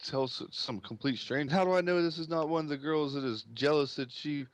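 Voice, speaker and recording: A man voicing a stern, gruff, middle-aged father who guards his daughter and talks defensively. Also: on the high side, fairly quick, dry recording, pitched above the performer's own voice, lightly acted. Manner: defensive, agitated.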